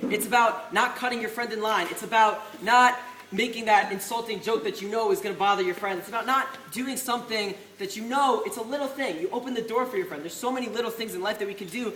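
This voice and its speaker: A man's voice: sits high, sharp tone. A young man, a yeshiva student, giving an earnest farewell speech at a study celebration, telling a story with frequent restarts and Hebrew study terms. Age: young adult. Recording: echoey hall with faint noise.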